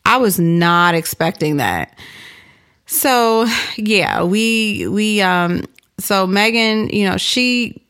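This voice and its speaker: A woman in her thirties telling a personal story in an animated, chatty way, with many fillers. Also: medium pitch, takes it slowly, clean tone. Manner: animated, chatty, lots of "like" and "you know".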